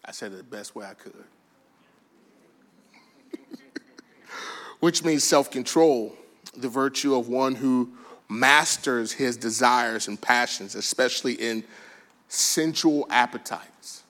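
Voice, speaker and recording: A man preaching a sermon, telling stories with lively bursts of shouting and quiet, soft asides. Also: medium pitch, slow, long pauses. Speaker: pastor.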